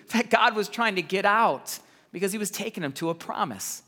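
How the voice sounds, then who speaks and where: A man in his thirties preaches with an energetic, animated delivery, his voice sitting a little high and ringing bright and forceful. He tells stories in bursts, repeating words and laughing along the way, and a long reverb trails behind him in the hall. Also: moderate pace. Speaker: pastor. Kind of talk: sermon.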